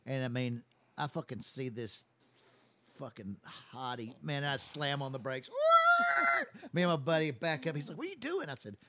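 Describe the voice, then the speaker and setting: A man's voice: medium pitch, fairly even intonation, normal speed, background noise. A man telling a long, rambling, profane story in casual chat. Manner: rambling, profane, many restarts.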